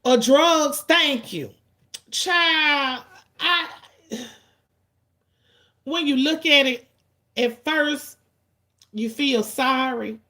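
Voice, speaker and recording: Woman, forties, livestream host, fairly high voice, blunt, profane, emphatic drawn-out lines. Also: bright, forceful tone. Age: 40s. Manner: profane, blunt, rapid-fire venting. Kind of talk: casual ranting to chat.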